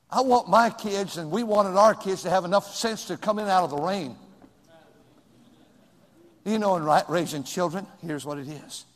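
An older man preaching a sermon as pastor, swinging from shouted points down to hushed asides. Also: high-pitched, normal speed. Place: church sanctuary. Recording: long reverb in a large room.

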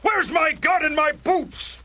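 Cartoon role: a man playing a bombastic old patriot leader, squeaky high and bright, drawling slowly. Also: big pitch swings, a little hiss or hum, full character voice. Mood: defiant. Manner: bombastic, defiant. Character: blustering hot-headed older male patriot leader. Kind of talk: animated cartoon acting.

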